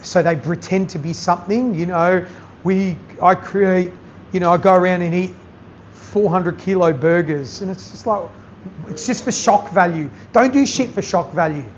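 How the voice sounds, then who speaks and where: A male chef whose voice sits high speaks at normal speed during a masterclass. Addressing an audience at an event venue, he is candid, animated and blunt, swearing freely. There's faint noise, and the sound is slightly dull.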